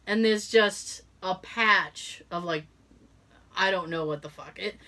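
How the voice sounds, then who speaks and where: Speaking slowly in a lowish register, this middle-aged woman tells a story while co-hosting a podcast in a relaxed, chatty way. She performs the quoted voices with animation and laughs a lot along the way.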